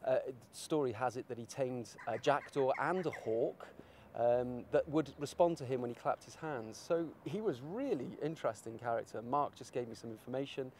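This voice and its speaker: A man's voice: medium pitch, normal speed, darkish tone, a little hiss or hum. A man artist talking in a casual interview, rambling and searching for his words.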